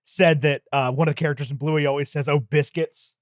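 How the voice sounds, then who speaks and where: A man's voice: a little high, steady tone, quick pace, no room sound, clean studio sound. A man co-hosting a movie podcast, talking in joking, sarcastic banter. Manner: sarcastic, jokey, slips into mock voices. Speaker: podcast co-host. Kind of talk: casual banter.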